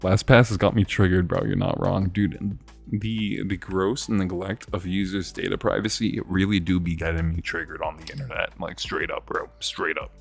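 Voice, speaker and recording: A young man in his twenties streams live, ranting about tech news in an excitable, profane way and breaking into laughter. His voice sits very low, and faint music plays underneath. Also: normal speed, gravelly, breathy edge. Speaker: livestream host. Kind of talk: livestream rant.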